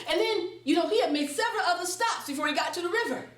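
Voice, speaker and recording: A woman telling a folktale to an audience, playful and expressive. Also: very high-pitched, quick pace, hardly any pauses. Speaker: storyteller and educator. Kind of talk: folktale storytelling to a live audience. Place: presentation room at a library. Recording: roomy, distant mic, faint background.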